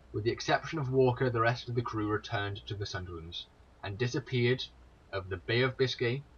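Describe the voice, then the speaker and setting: A man's voice: fairly low pitch, fairly bright tone, a little hiss or hum. A tired young man giving a rambling, sweary commentary on wartime history, with exasperated asides. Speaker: video creator. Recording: dull lo-fi home recording, faint ambience.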